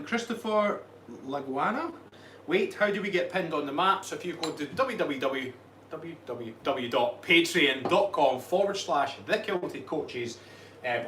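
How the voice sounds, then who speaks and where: An upbeat Scottish man reading viewer comments on a live stream and teasing his co-host. His voice sits a little high and swings widely in pitch. It is recorded in an echoey room with faint background noise. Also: a bit bright, recorded from a distance. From Scotland. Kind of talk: casual live-stream chat.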